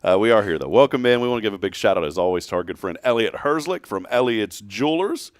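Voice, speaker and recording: Man, morning show host, rambling and jokey, deep voice, dry sound. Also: lively intonation, fast, dry recording. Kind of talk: casual morning show chat.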